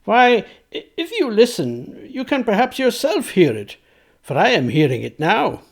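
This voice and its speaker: A man's voice: sits high, huge pitch swings, unhurried, creaky, voice pushed up, exaggerated voice. A man reading aloud, voicing an earnest, courteous eighteenth-century composer in formal, old-fashioned speech.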